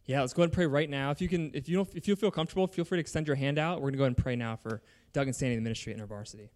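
A man's voice: mid-range voice, rapid-fire, a little mellow. Earnest man hosting a church service. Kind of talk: introducing guests and leading prayer.

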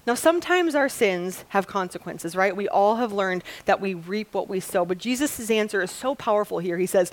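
A young woman from Wisconsin reading scripture and preaching a sermon, earnest and storytelling, slowing down to stress key lines. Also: medium pitch, lively intonation. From Wisconsin, USA. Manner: earnest, storytelling, slows for emphasis.

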